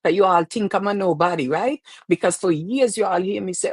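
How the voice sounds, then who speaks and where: A woman's voice: mid-range voice, a little fast, hardly any pauses, breathy edge, dry recording. A woman hosting a casual livestream show, chatting and preaching to viewers and greeting them by name. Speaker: host of a live-streamed talk show. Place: lives in New York.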